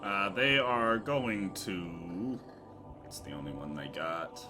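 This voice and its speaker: A man's voice: deep voice, slow, music in the background. A man running a tabletop game as game master, laid-back and casual, cursing and laughing often.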